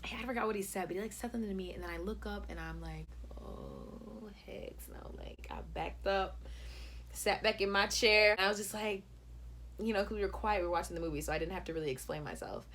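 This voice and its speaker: A woman's voice: medium pitch, fast talker, fairly bright tone, a little hiss or hum. A young woman telling a casual storytime, chatty and full of "like", acting out what people said. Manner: chatty, heavy use of "like", acts out quotes. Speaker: YouTube storyteller.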